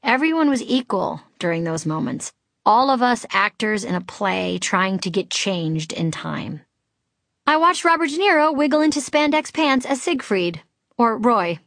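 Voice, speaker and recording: A woman's voice: on the high side, big pitch swings, unhurried, a bit bright, no echo, clean studio sound. Wry woman reading her memoir. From Boston. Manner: wry, candid, comic timing. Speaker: author narrating her memoir.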